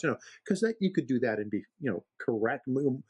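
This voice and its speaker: A man chatting as a podcast co-host, his voice a little husky. He tells stories in a relaxed, animated way and laughs often. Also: on the high side, a little fast, hardly any pauses. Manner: storyteller, animated, laughs a lot. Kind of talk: casual chat.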